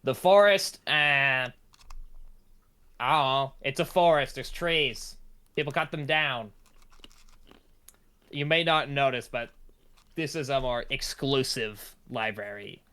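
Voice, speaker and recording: A curt goblin librarian who clearly finds visitors a nuisance, put on by a man running the game. The voice sits at an everyday middle pitch and sounds flatly dismissive. It suits a tabletop fantasy session. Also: slow pace, pauses often. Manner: curt, bored, brushes people off.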